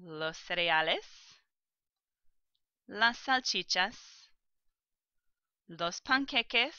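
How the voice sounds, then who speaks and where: A woman teaches a recorded vocabulary lesson, sounding out each word slowly and with care. Her voice is bright and smooth. The recording is close and dry, with a slightly muffled tone. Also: medium pitch, expressive, no room sound. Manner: slow, careful pronunciation of vocabulary. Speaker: language teacher.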